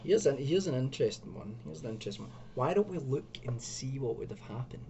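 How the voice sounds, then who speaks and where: A man's voice: mid-range voice, animated, quick pace, mellow, a little hiss or hum. Chatty man reading a gamebook. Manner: chatty, self-mocking asides. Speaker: video host. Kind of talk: reading and commenting on an adventure gamebook.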